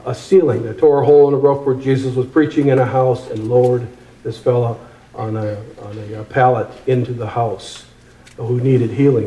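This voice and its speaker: Male preacher, sermon delivery, emphatic with repetitions, dark mellow timbre, echoey room. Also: medium pitch. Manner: emphatic, repeats phrases for effect, slows on key words.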